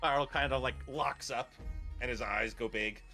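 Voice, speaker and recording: A man's voice: mid-range voice, fairly even intonation, normal speed, pushed and bright, soft background music. A man running a tabletop game as game master, narrating the scene with a chuckling, storytelling manner.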